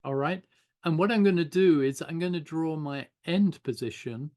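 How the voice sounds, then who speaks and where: Older man, animation teacher, informal online lesson, loose and chatty, a touch high. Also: normal speed. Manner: relaxed, chatty, thinking aloud while drawing. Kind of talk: informal online class demo.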